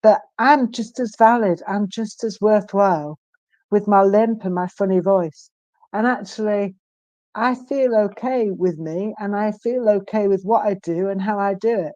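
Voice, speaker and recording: A woman in her fifties, a guest in an interview, speaking earnestly and emphatically with frequent pauses and restarts. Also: mid-range voice, darkish tone, no room sound. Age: 50s. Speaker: guest, stroke survivor. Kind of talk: candid interview conversation.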